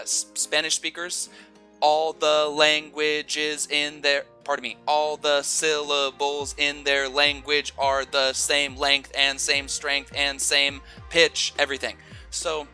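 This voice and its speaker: A man giving online teaching advice in an energetic, demonstrative way. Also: on the high side. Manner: energetic, demonstrates stress with slow exaggerated example sentences. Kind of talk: online teaching tips video.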